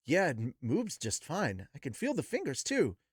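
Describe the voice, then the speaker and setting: A man's voice: on the high side, wildly swooping pitch, moderate pace, slightly rough, no room sound, studio quality, exaggerated voice. A man doing an eager young mage, voice raised.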